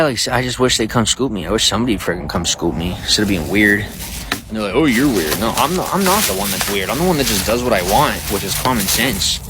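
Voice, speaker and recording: Low-voiced guy rambling on a night livestream outside, lots of likes and you knows, faint hiss behind. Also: bright, forceful tone. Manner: rambling, talks to viewers, many fillers. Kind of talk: casual livestream chat. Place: outdoors at night, bugs around.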